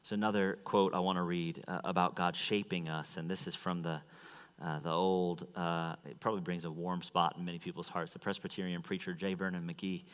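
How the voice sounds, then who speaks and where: A man preaching a sermon to a church, rising to loud, high fervent stretches and dropping to quiet asides. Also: little pitch movement, a little fast, clear, resonant tone. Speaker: pastor. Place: church sanctuary. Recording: long hall reverb.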